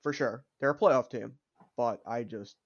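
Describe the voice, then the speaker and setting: A man's voice: mid-range voice, a little slow, dry recording, highs cut off. A young adult man co-hosting a casual sports podcast, opinionated and arguing back, often repeating himself. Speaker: podcast co-host.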